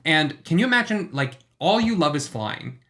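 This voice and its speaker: Casual male livestream co-host, bright tone, jokey, swears freely. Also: fairly high pitch, very animated, normal speed. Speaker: book club podcast co-host.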